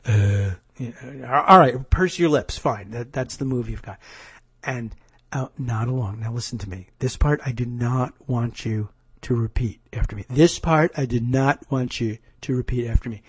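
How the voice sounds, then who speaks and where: A man voicing a calm male presidential aide who murmurs instructions in a low, patient, coaxing way. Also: moderate pace, husky, dry recording. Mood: hushed coaxing.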